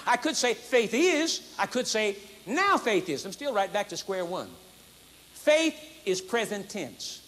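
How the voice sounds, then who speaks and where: A man preaching an emphatic, repetitive sermon at a conference, building to high exclamations. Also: a bit bright. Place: conference hall.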